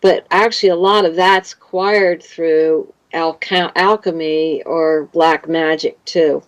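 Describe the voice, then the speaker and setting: A woman from Canada in her fifties, a guest in an interview, telling rambling, animated stories. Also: deep voice, slow, rough recording. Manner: rambling, animated storytelling with laughs. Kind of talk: casual interview.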